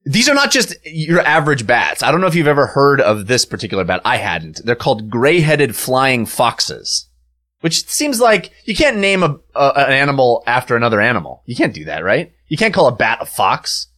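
A man's voice: medium pitch, sing-song, moderate pace, sharp tone. A man hosting a podcast, telling a news story in casual chat, laughing often and restarting sentences. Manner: chatty storyteller, laughs a lot, many ums and restarts. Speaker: podcast host.

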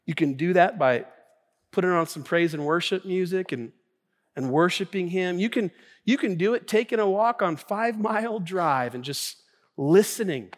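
A man pastor preaching a sermon in a church, talking in an energetic, conversational way with many restarts. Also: high-pitched, normal speed. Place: church sanctuary. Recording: long church hall reverb.

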